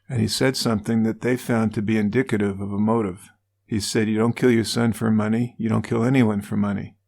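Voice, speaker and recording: A man's voice: fairly low pitch, vocal fry, darkish tone. A man co-hosting a true-crime podcast, retelling a case casually with wry asides. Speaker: podcast co-host.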